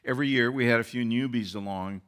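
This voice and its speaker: Bright-voiced male pastor preaching. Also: medium pitch, quick pace. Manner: earnest preaching with rising emphasis. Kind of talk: sermon.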